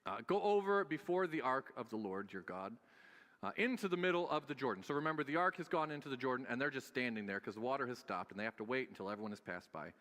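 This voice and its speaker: A man's voice: mid-range voice, expressive, fast, a bit bright, in a large hall. A man preaching a sermon as pastor, conversational and joking, with frequent filler sounds.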